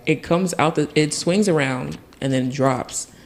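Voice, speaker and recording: Laughing and mimicking the people in it, a young podcast guest from Tennessee relays a childhood tale in a casual, lively manner. He speaks a little high, at a measured pace, with vocal fry and slight background noise.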